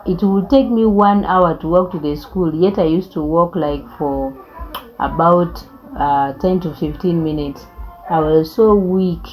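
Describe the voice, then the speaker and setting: A woman's voice: fairly low pitch, measured pace, dull audio, faint music behind. A young woman, telling her life story in an earnest, reflective way. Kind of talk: personal storytelling.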